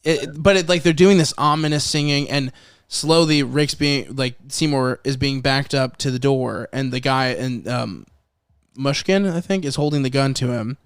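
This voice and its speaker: A man hosting a film podcast in casual chat, animated, swearing freely and acting out scenes from the movie. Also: medium pitch, normal speed, smooth, no echo, clean studio sound.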